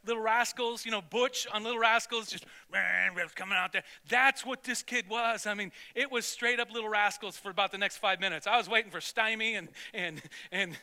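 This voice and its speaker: Pastor guy telling a story in a sermon, kinda high voice, super bright and sharp, keeps restarting himself. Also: brisk, few pauses. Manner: storytelling, animated, self-interrupting.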